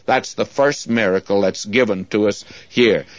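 A man's voice: on the low side, normal speed, no room sound. Folksy earnest man preaching, lo-fi. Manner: folksy, earnest, often says "friends". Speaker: Bible teacher. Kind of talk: radio Bible teaching sermon. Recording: dull lo-fi dry recording.

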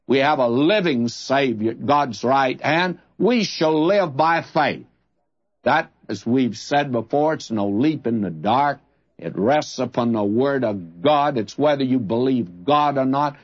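A man teaching through a Bible passage in a slow, emphatic preaching cadence, repeating key phrases. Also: mid-range voice, dry recording, muffled recording.

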